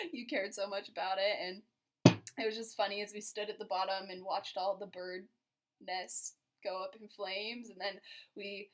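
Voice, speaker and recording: A woman's voice: mid-range voice, expressive, moderate pace. A young woman telling a story to her partner in a casual, giggly way, with lots of "like" fillers. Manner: chatty and giggly, heavy use of "like". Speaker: vlogger recounting a first date to her partner.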